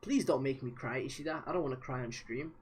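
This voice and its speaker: A young man streaming a live reading, reacting with emotional, swearing outbursts in a husky voice. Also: mid-range voice, fast talker.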